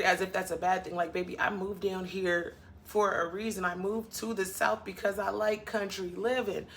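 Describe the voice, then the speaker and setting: A woman's voice: medium pitch, steady tone, moderate pace, gravelly, a bit bright, slight background noise. A woman vlogger from the northern US, venting bluntly in a casual chat to camera, with sassy asides to her viewers.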